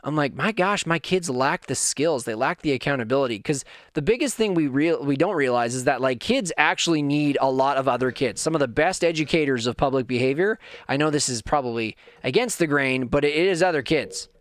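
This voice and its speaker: A man hosts a podcast in a slightly high, animated voice, speaking fairly quickly with hardly any pauses. His candid, earnest personal monologue builds toward fired-up moments.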